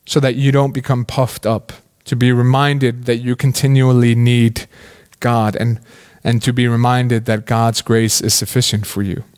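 A man's voice: mid-range voice, little pitch movement, a little slow, darkish tone, smooth. A man preaching a sermon in a casual, conversational way, asking many questions and often saying "like". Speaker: pastor.

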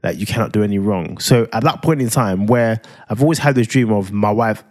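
A man's voice: fairly low pitch, fairly quick, darkish tone. A man with a South London accent co-hosting a podcast, chatting casually, rambling and swearing freely. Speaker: podcast co-host. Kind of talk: casual chat.

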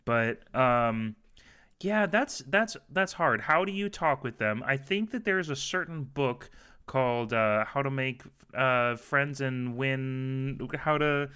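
A man's voice: medium pitch, animated, slow pace, sharp tone, clean tone. A man co-hosting a comedy podcast, rambling loosely with jokey, mock-serious asides. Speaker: podcast co-host. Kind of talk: casual comedic chat.

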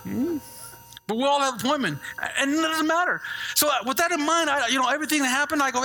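A middle-aged man preaching a sermon as a pastor, telling stories with lively asides and checking in with the congregation. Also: extremely high pitch, fast talker. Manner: animated storytelling with call-and-response asides.

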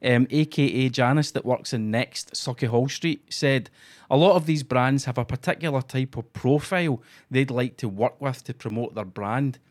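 A man's voice: mid-range voice, moderate pace. A Scottish man co-hosting a casual, sweary podcast chat and telling mocking stories. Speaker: podcast co-host.

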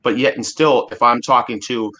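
A man's voice: mid-range voice, fairly even intonation, moderate pace, bright, forceful tone. A man in his forties from Alaska, a guest speaking earnestly and emphatically in a casual discussion, often restarting his sentences. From Alaska, USA.

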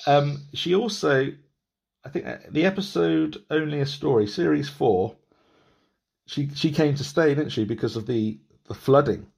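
A man's voice: fairly high pitch, normal speed, creaky, a little mellow, breathy edge. A man in his thirties hosting a podcast, chatting loosely with many restarts and laughs. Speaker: podcast host. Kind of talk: casual interview chat.

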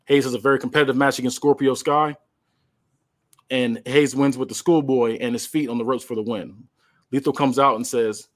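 A man's voice: mid-range voice, steady tone, moderate pace. Man casually narrating a wrestling story. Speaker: podcast host.

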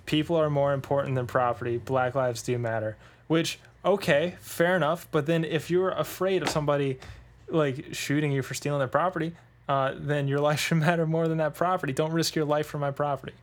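A man's voice: a little high, steady tone. A young man co-hosting a podcast, arguing his views in casual chat and laughing often. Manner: argumentative, laughs often, quick opinions. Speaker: podcast co-host.

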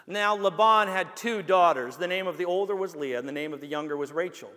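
A man preaching as pastor, reading scripture slowly and building to emphatic, shouted appeals. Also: sits high, in a large hall. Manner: preaching with rising emphatic outbursts; slow, deliberate delivery. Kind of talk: sermon.

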